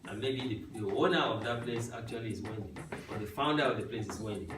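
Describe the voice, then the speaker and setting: A man's voice: medium pitch, fast talker. A man teaching a youth language class, patiently walking his students through simple phrases and often checking with "right?". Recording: echoey room, mic far off, music behind.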